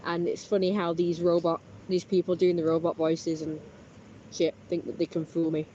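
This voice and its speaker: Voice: mid-range voice, completely flat delivery, moderate pace, warm tone, a little hiss or hum. A person, vlogging outdoors by a canal in a chatty, boastful, wandering monologue. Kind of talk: casual rambling monologue. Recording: slightly muffled outdoor recording, faint background.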